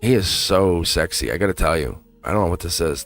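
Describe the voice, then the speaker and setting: Man, Boston accent, low voice, rambling tarot livestream, faint music behind. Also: animated, fairly quick, a bit bright. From England. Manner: rambling, restarts, chuckles often. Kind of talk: casual livestream tarot reading.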